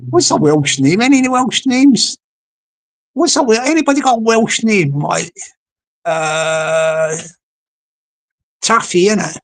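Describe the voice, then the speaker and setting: A woman's voice: medium pitch, lively intonation, slow pace, pauses often. A woman hosting a livestream, playful and rambling as she talks to the chat. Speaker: livestream host.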